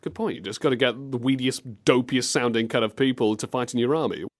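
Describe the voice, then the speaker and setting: A man's voice: mid-range voice, fairly even intonation, fast. A man hosting a comedy podcast, giddy and laughing often as he mocks game clips. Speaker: show host.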